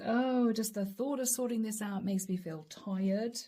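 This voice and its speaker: A woman's voice: a little high, a little slow, dark tone. A woman giving a chatty, laughing tarot reading with relatable asides. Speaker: tarot reader. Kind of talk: channeled tarot reading to camera.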